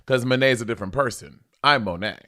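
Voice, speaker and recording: A man co-hosting a podcast, teasing and pushing back in animated casual banter. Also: medium pitch, fast. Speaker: podcast co-host.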